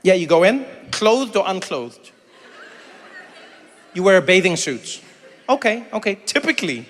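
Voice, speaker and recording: A middle-aged man from South Africa doing animated stand-up comedy with crowd work, acting out voices as he tells stories. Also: sits high, a little slow. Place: large theater stage. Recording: reverberant hall with faint ambience.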